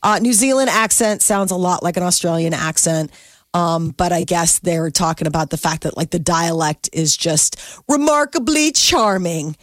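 A woman co-hosting a casual morning radio show, chatty and quick to laugh as she reads news items. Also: fairly low pitch, no echo, clean studio sound.

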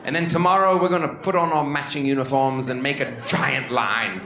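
A man voicing a pompous, overconfident British officer who speaks slowly and grandly in an echoey room with audience noise. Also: mid-range voice, fairly even intonation, close to an everyday voice. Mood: smug. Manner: pompous, drawn-out.

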